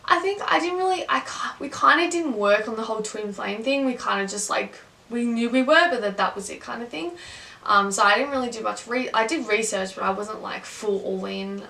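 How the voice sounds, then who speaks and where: A woman's voice: mid-range voice, vocal fry, bright, forceful tone. A woman in her twenties rambling candidly through a personal story, with lots of fillers, as a vlogger. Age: 20s. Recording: echoey room, mic at a distance.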